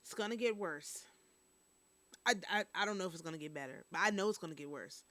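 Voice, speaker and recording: A woman's voice: on the low side, fast talker, pushed and bright, dry recording. Chatty woman hosting a news stream. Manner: chatty, talks straight to viewers with "y'all". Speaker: host of a news and review stream. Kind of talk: casual news commentary.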